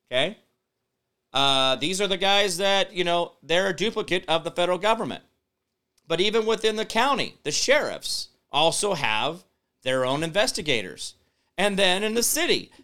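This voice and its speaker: Bright, crisp-voiced male talk show host. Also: a little high. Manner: rambling, reads out viewer comments and replies; emphatic, builds up loudly when explaining. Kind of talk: casual live-stream commentary.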